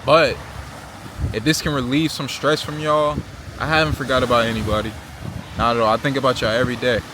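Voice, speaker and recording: A young man from Virginia Beach, Virginia, with an American accent, vlogs about travel while chatting casually to the camera. His mid-range voice is fairly quick and fairly even in intonation, and he talks earnestly with slang, often ending lines with "right?" and "you know?" There's noticeable background noise.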